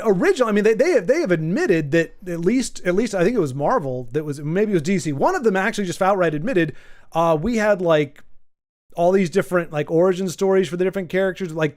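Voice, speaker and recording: Guy streaming and reading chat, kinda high voice, rambly, pokes fun at viewers. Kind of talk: casual livestream chat.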